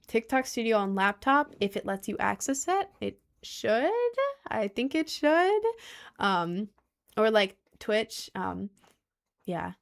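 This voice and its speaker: Excitable woman chatting on stream. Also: gravelly. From United States. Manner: excitable, gushing, playful, with squealing jumps in pitch. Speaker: livestreamer reading chat. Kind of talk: casual live-stream chat.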